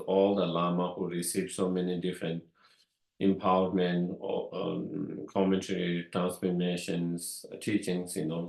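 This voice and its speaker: A man whose first language is Tibetan gives a dharma talk at a very slow pace, stopping often with fillers and repeated words. His voice sits on the low side. The recording carries a roomy echo. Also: creaky. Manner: slow and halting, with frequent fillers and repetitions. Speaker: Buddhist teacher. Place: meditation hall. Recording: echoey room.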